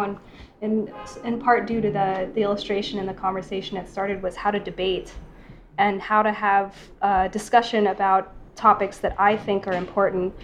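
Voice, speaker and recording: A woman illustrator on a podcast panel, speaking thoughtfully and haltingly, with frequent restarts. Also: medium pitch.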